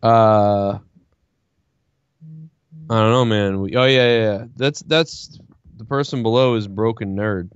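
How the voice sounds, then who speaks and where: A man's voice: on the low side, slow, long pauses, smooth, no echo, dull audio. A man streamer in casual chat, rambling and swearing a lot as he tells a story full of quoted back-and-forth. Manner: profane, rambling storytelling with lots of quoting.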